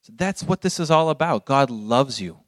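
A man's voice: mid-range voice, expressive, normal speed, dry recording, clean studio sound. A man giving an earnest church talk with slides, telling stories in a rambling way with many restarts. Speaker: ministry speaker.

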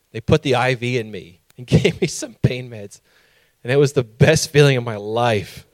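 A man preaching a sermon who reads scripture and tells a personal story, acting out his own past lines loudly. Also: mid-range voice, unhurried, no echo.

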